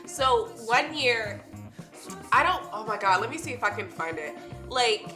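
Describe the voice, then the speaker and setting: A woman's voice: a little high, animated, a little slow. A woman streamer with a stuffy nose, chatting casually and swearing often. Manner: chatty, swears a lot, says "dude" often. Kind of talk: casual chat. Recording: echoey room with music playing.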